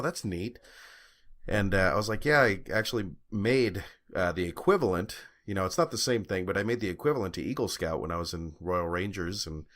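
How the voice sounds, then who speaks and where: A man's voice: deep voice, a bit bright. A young man co-hosting a podcast, telling a long story in casual chat, full of fillers and swearing. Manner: rambling storytelling with fillers and profanity. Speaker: podcast co-host.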